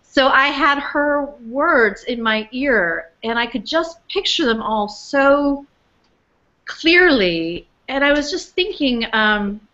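A woman author telling the story behind her book in an earnest, animated way, full of fillers and restarts, speaking from home over a webcast. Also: high voice, slow pace, dull audio. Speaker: author being interviewed. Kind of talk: casual storytelling interview. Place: home in New York, remote webcast.

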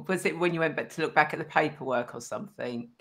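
A woman hosting a spiritual podcast, talking supportively and softly with her guest. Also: deep voice, fast talker, creaky. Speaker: podcast host. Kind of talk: casual conversational interview.

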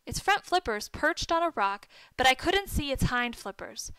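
A woman reading a children's story aloud and giving the characters' lines lively lifts. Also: high voice, moderate pace, smooth, no echo, low-quality recording. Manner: reads dialogue with lively lifts for the boys' shouts. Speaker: narrator.

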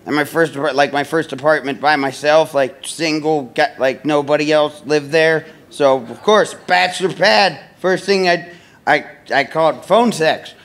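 Rambling stand-up comic man, slightly high. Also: a little slow, a bit bright, slight background noise. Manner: rambling, self-deprecating, lots of fillers and restarts. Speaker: stand-up comedian. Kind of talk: stand-up comedy set. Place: comedy club stage.

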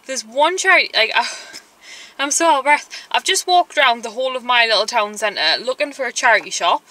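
A young woman talks straight to her viewers in a casual vlog. Her voice is bright and fairly high, and she chats on in an exasperated, ranting way, peppered with "like". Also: animated, quick pace, rough recording. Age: young adult. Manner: chatty, exasperated ranting with frequent "like". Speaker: vlogger.

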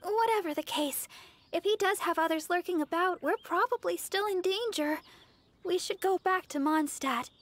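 A woman voicing a sweet young female deaconess healer, gentle and hesitant, in game character dialogue. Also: extremely high pitch, moderate pace.

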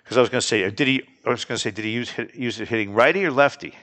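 A man hosting a casual chat, jokey and animated, laughing often. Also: mid-range voice, a little fast. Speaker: radio show host.

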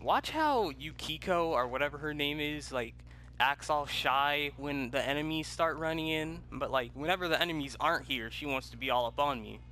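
A young man doing let's play commentary from home, rambling, with loud yelled outbursts. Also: fairly high pitch, expressive, moderate pace, a little hiss or hum. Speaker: gaming YouTuber. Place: home room.

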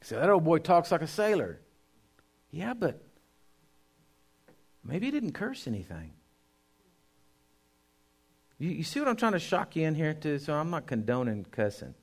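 A man, a pastor, preaching a sermon to his congregation. He speaks emphatically, dropping to a hush and then rising loud, and addresses the listeners directly. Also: fairly high pitch, huge pitch swings, unhurried, long pauses. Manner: emphatic preaching, swinging between hushed and loud.

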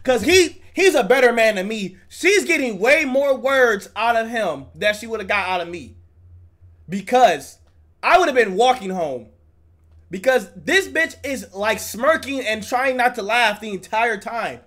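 A man's voice: very high voice, lively intonation, a little slow, a bit bright. A man streaming live, reacting to a video with heated, profane commentary.

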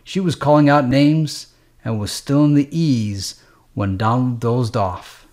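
A man's voice: mid-range voice, measured pace, a little mellow. A man narrating a gritty street novel in a streetwise, matter-of-fact, profane way. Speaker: audiobook narrator.

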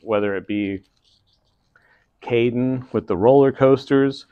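A man's voice: mid-range voice, slow, smooth, no echo, phone-quality sound. A middle-aged man co-hosting a homestead channel, chatting casually and laughing easily in an interview with his wife.

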